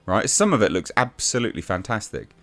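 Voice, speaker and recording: A man's voice: lowish voice, big pitch swings, brisk, a bit bright, faint music behind. A man giving a blunt, exasperated casual review rant, with frequent restarts and swearing.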